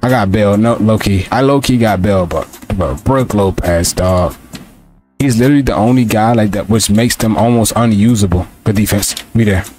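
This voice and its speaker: A man's voice: on the low side, normal speed, darkish tone, soft background music. Frustrated young man calling his game. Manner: frustrated, repetitive, talks to his players and viewers. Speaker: gaming streamer. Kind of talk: live gameplay commentary.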